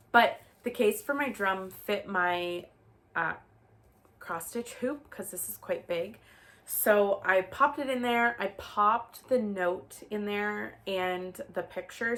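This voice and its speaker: A woman's voice: medium pitch, a bit bright. A woman from Canada chatting casually to the camera in a knitting vlog, rambling with fillers and restarts. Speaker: knitting vlogger.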